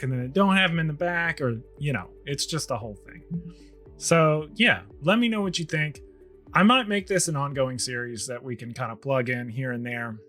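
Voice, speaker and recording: A man's voice: mid-range voice, pushed and bright. A man co-hosting a podcast, rambling through a casual rant and sounding tired as he loses his voice. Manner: ranting, rambling, with restarts. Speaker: podcast co-host.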